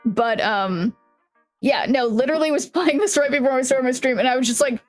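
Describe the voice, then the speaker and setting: A woman live-streams, chatting loosely to her viewers in a slightly high voice. She restarts her sentences, swears freely and laughs a lot, and her voice sounds a little worn from yelling. Quiet music plays underneath. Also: brisk. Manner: rambling, restarts sentences, curses and laughs often. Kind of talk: casual chat with viewers.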